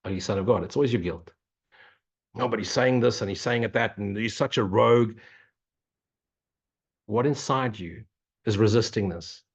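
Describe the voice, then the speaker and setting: A man from Africa with a lowish, husky voice speaks at normal speed and pauses often. He teaches spiritual ideas in a non-dual Q&A talk, blunt and mocking, swearing freely. He repeats his points in a preachy way, like a preacher.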